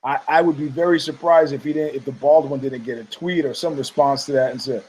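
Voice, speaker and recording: A man's voice: medium pitch, steady tone, fairly quick, few pauses, darkish tone, slight background noise, low-quality recording. A man hosting a podcast, ranting casually about fight news in a rambling, profane way, laughing often and mocking people in put-on voices. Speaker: podcast host.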